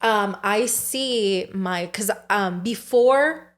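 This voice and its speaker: A young woman telling a frightening personal story as a podcast guest. She talks fast and breathlessly in a middle-pitched voice and swears freely.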